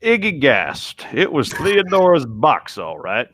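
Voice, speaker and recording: Male comedy co-host, wry reader, animated pitch, dry close mic. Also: slow, no echo. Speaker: podcast co-host. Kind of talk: comedic reading aloud.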